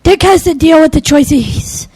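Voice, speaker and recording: A woman's voice: high voice, a little mellow, dry recording, poor audio. A woman co-hosting a podcast, chattily recapping a comic book story. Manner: chatty, quick recaps with laughs. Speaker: podcast co-host. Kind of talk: casual comic book chat.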